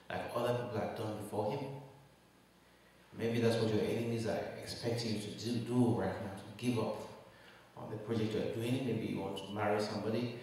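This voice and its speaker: A man's voice: lowish voice, darkish tone. A man preaching a sermon as pastor, driving his points home with rising emphasis and rhetorical questions. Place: church hall. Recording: echoey hall, mic at a distance.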